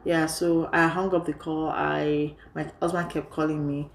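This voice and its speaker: A woman with a low voice tells a personal story for her vlog in a lively, chatty way. She keeps saying "you know" as she goes. Her voice bounces around an echoey room. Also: unhurried, creaky. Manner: lively retelling, heavy use of "you know". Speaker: vlogger.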